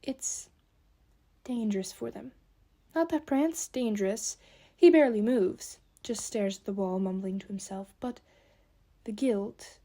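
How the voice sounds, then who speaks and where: A woman doing a quiet, grieving elf mother. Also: mid-range voice, measured pace.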